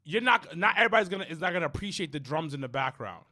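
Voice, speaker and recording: A man's voice: fairly high pitch, animated, very fast, bright, forceful tone. A man in casual podcast chat, emphatic, stumbling over restarts as he makes his point.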